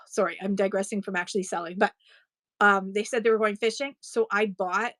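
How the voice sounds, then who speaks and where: A woman's voice: medium pitch, fairly even intonation, fairly bright tone, no echo. A woman in her forties, a live-stream seller chatting casually and digressing as she shows her items. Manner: chatty, digressive, quick to laugh. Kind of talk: casual chat while selling.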